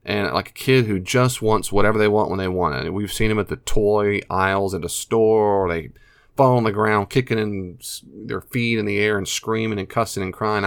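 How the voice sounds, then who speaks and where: A man's voice: lowish voice, normal speed, vocal fry, smooth, dry recording, clean studio sound. A man with an American accent giving earnest, emphatic advice straight to camera, often repeating his key phrases. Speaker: advice speaker on addiction and family. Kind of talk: direct-to-camera advice talk.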